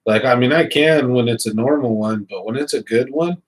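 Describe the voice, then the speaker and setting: A man's voice: mid-range voice, brisk, low-quality recording. A man, hosting a fishing channel and rambling casually to his viewers with lots of fillers. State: hiccups.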